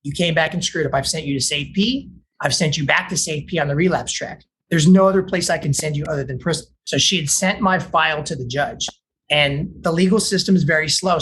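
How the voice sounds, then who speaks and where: A man from Texas, a counselor in addiction recovery, tells his story in a loose, chatty way. He jumps his voice up and down to act out what others said, and he stumbles into restarts and fillers as he goes. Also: a little high. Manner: animated storytelling, acting out quoted voices.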